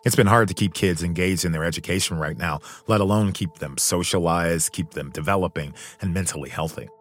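Low-voiced man narrating a podcast. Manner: measured, earnest delivery. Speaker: podcast host. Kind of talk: scripted narration.

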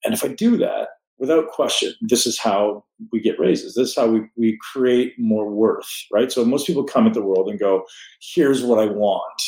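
A man's voice: lowish voice, moderate pace, hardly any pauses, a little mellow. A man hosting a podcast, giving blunt, emphatic motivational advice. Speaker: podcast host. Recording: roomy echo.

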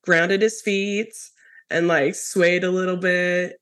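A woman hosting a podcast, telling a story in a lively, casual way with many fillers. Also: lowish voice, slow pace. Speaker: podcast host. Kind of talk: casual conversational interview.

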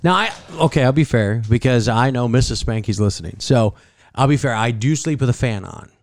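A man's voice: mid-range voice, fairly quick, no room sound. A man from the Midwestern US co-hosting a casual podcast, joking, complaining and often laughing, recorded in a small closet-sized room. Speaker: podcast co-host. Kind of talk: casual banter.

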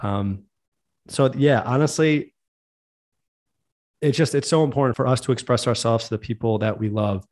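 A man's voice: medium pitch, normal speed, long pauses, darkish tone. A man hosting a podcast, talking in an earnest, heartfelt, rambling way. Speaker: podcast host. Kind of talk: casual conversation.

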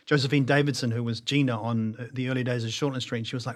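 A man's voice: medium pitch, fairly even intonation, fast talker, few pauses, fairly bright tone. A middle-aged man with a New Zealand accent, a guest actor reflecting in a casual interview and often restarting his sentences. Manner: reflective, self-deprecating, many restarts.

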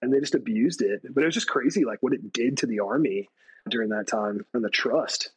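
A man, a retired Army staff sergeant from the United States, telling stories as a podcast guest, animated, acting out quoted people with a raised voice. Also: fairly quick, breathy edge, low-quality recording. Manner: animated storytelling, acts out quotes with raised pitch. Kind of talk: casual storytelling interview.

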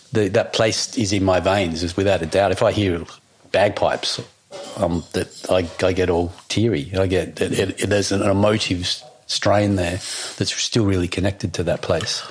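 A man speaks in a fairly low voice. He talks as a guest in a relaxed conversation. He is reflective and halting, and often pauses on fillers. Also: slightly rough. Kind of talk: casual conversation.

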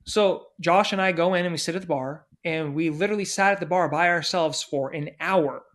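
Man, fairly high voice, podcast guest, profane, animated anecdote telling. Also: fairly quick. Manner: profane, animated, acts out quoted people. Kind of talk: casual anecdote storytelling.

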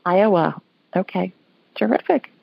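A chatty woman hosts a call-in show, talking to callers in a folksy, easygoing way. Her voice has some gravel in it. The sound is dry and a little dull, like lo-fi radio audio. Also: mid-range voice, unhurried, dry recording. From Alabama. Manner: chatty, folksy, laughs often. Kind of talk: casual call-in radio chat.

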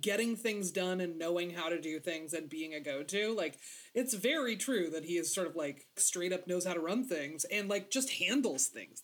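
A woman co-hosting a casual movie podcast, playful and expressive, acting out lines as she talks. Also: fairly low pitch. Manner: expressive, playful, acts out quotes. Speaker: podcast co-host.

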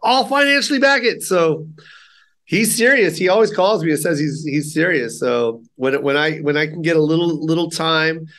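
A man's voice: fairly high pitch, moderate pace. A middle-aged man, a stand-up comedian, telling stories in a casual interview and acting out the people he quotes. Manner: animated, acts out quotes in character voices.

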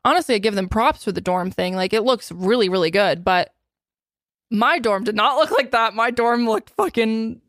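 A woman's voice: on the high side, moderate pace, fairly bright tone, dry recording, clean studio sound. A woman in her late twenties hosting a podcast in casual chat, playful and jokey with swearing. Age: 20s. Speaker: podcast host.

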